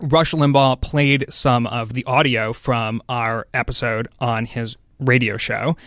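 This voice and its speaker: A male podcast host reading out listener questions in a casual chat, brisk and keeping things moving. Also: mid-range voice, fairly even intonation, fairly bright tone, dry recording, clean studio sound.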